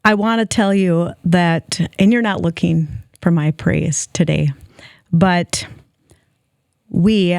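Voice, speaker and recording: A woman hosting a podcast, speaking to her guest in a heartfelt, deliberate way. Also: on the low side, a little mellow, no room sound, clean studio sound. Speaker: podcast host. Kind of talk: interview conversation.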